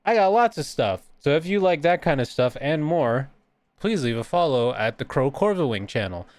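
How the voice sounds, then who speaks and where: A man's voice: a little high, very animated, moderate pace, darkish tone, no room sound. A man chatting casually and rambling with frequent giggles as he streams his drawing. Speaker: art streamer and VTuber. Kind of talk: casual live-stream chat.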